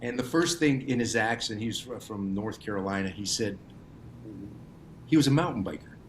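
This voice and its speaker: A middle-aged man from Montreal, a guest on a podcast, telling stories in a lively, animated way and leaning on "listen" and "you know". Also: fairly low pitch, moderate pace, slight background noise. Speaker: guest, hockey gear maker. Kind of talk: casual podcast conversation.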